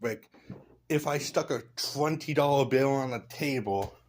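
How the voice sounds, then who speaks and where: Slow, husky man ranting. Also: mid-range voice. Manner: rambling, blunt, with loose asides. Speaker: vlogger. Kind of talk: casual opinion rant.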